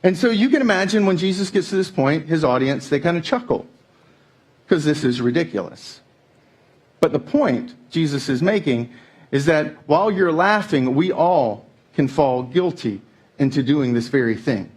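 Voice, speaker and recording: A male pastor delivering a sermon at a church service, telling stories in an animated, playful way. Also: a little high, moderate pace, breathy edge.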